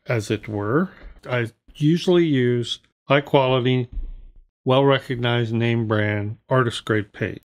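Folksy American man hosting a paint review. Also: medium pitch. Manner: folksy, chatty, talks straight to viewers. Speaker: watercolor channel host. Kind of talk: casual product review to camera.

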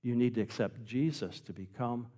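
A man preaching a sermon as pastor, emphatic, swinging between loud passages and quiet ones. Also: mid-range voice, normal speed, big-room sound. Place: church sanctuary.

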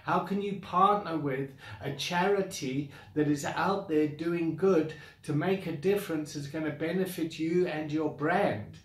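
A man's voice: fairly high pitch, measured pace, hardly any pauses, echoey room, recorded from a distance. A man with a South African accent who founded a coaching academy, bluntly venting his frustration straight to the camera with sighs and repeated complaints. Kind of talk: direct-to-camera rant.

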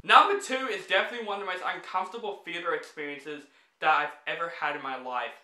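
A man's voice: fairly high pitch, fast, pushed and bright, roomy sound. A man ranting through a list of his least favorite movies, blunt and exasperated, swearing freely. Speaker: movie reviewer.

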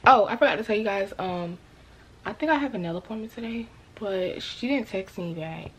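A woman's voice: medium pitch, normal speed, fairly bright tone, slightly rough. A young woman vlogging casually at home, ranting in an irritated, slangy way to her viewers. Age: young adult. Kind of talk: casual vlog chat. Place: home bathroom or bedroom.

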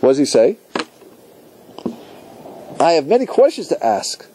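A man's voice: on the high side, a little slow, long pauses, a little hiss or hum. A man teaching as a rabbi, giving a Torah lecture and acting out the voices and thoughts of the people in his examples. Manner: animated, acts out inner voices and quotes.

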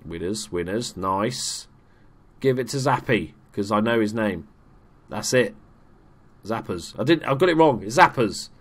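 Guy, young adult, casual gaming commentary, chatty, self-mocking, swears when excited. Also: lowish voice, measured pace. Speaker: gaming YouTuber. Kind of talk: casual let's play commentary.

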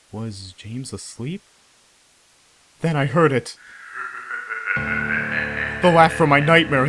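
A grief-stricken young mother, put on by a male narrator, recounts a nightmare in a shaken, breathless voice. The tone sits somewhat high, and music plays clearly behind the scripted horror story. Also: natural voice. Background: background music.

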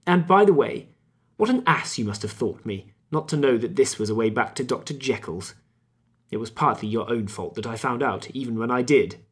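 A man voicing a wry, animated Victorian gentleman in a husky voice. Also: medium pitch, normal speed.

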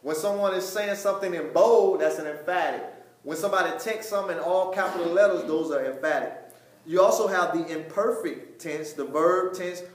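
A man with a fairly high voice teaching a Bible study, repeating his words and hammering key points loudly before dropping into quiet asides. His voice rings in an echoey room. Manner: emphatic, repeats words, swings between loud stresses and quiet asides.

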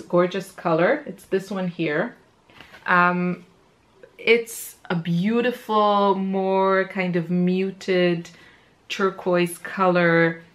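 A woman's voice: fairly low pitch, a bit bright. A woman chatting casually about her favorite paints, enthusiastic and full of ums, often repeating her praise. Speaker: art supply reviewer. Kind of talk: laid-back chatty product talk.

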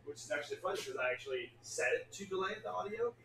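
A man's voice: high-pitched, expressive, quick pace, fairly bright tone, a little hiss or hum. A man hosting a live wine tasting stream, chatting loosely and restarting his sentences while he checks the audio and video sync. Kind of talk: casual chat during a tech check.

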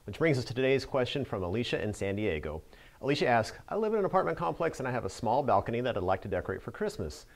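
A man's voice: medium pitch, very animated, quick pace. A man narrating a scripted how-to as a Christmas lighting expert answering a viewer question, with an upbeat instructional delivery.

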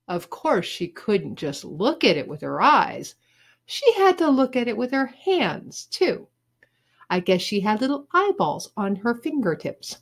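Slow, expressive woman reading a children's book. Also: medium pitch, breathy edge. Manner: expressive storytelling. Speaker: teacher reading aloud. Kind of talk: children's book read-aloud.

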